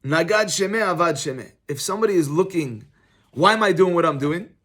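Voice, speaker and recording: A man's voice: on the high side, a little fast. A middle-aged man, a rabbi, giving an informal Torah class, teaching through conversational personal stories. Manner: conversational, storytelling, animated.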